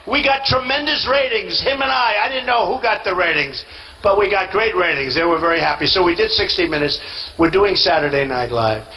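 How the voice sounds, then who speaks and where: A man's voice: high-pitched, a little fast, pushed and bright, slight background noise, rough recording. A man giving a rally speech as a candidate, boastful and rambling, repeating himself and acting out quoted dialogue.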